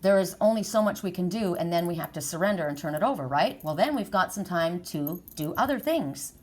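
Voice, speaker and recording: Woman reading oracle cards, low voice. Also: expressive, brisk, a little mellow. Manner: repetitive, emphatic, encouraging. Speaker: oracle card reader. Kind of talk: spiritual card reading talk.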